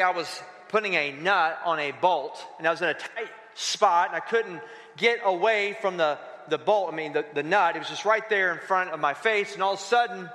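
High bright-voiced preacher in a hall. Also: male voice. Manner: expressive preaching with playful storytelling asides. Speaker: pastor. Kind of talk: sermon.

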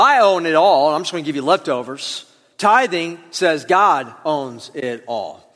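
Guy preaching in a big echoey church, pretty high voice, chatty, gets the crowd to answer back. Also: a bit bright. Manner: conversational preaching, call-and-response with congregation. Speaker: pastor. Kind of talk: sermon. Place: church auditorium. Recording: long hall reverb.

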